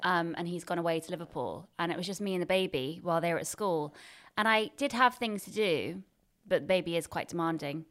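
A woman's voice: on the low side, fairly quick, hardly any pauses, fairly bright tone. Wry, rambling woman. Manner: rambling, self-deprecating, wry. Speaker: co-host. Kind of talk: casual chat.

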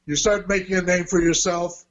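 A man's voice: high voice, flat delivery, moderate pace, lo-fi sound. A man, a martial arts teacher and fight promoter, telling his story in an interview in a chatty way with restarts. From Australia. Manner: chatty, with restarts and quoted dialogue.

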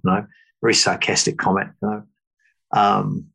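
A middle-aged man talks slowly and thoughtfully in a low, gravelly voice. There is a husky grain to it. He often stops, restarts, and fills gaps with small words. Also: completely flat delivery, pushed and bright, rough recording. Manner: halting, thoughtful, many fillers and restarts. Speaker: guest. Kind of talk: reflective interview talk.

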